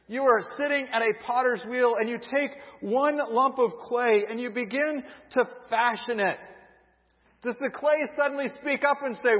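A man's voice: extremely high pitch, normal speed. A man preaching a sermon, reading scripture and acting out voices of those who question God. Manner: reads scripture, acts out quoted voices. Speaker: pastor. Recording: dull lo-fi audio with long hall reverb.

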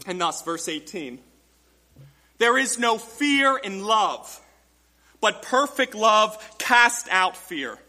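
Bright, high-pitched preaching man. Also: big pitch swings, takes it slowly, in a large hall. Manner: emphatic preaching with rhetorical questions; addresses the congregation as church. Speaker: pastor. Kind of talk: sermon.

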